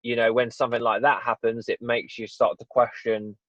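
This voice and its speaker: A man's voice: mid-range voice, level tone, brisk, a bit bright, dry recording. Young male guest, candid storyteller, restarts often, muffled lo-fi audio. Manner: rambling, candid, frequent restarts. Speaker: guest, fitness business owner. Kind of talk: casual podcast interview. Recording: dull dry lo-fi audio.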